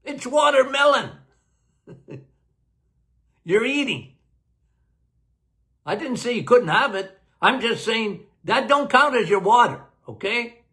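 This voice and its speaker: A man's voice: very high voice, expressive, takes it slowly, pauses often, sharp tone. A man, a doctor, answering health questions in a casual live Q&A, emphatic and folksy, often laughing.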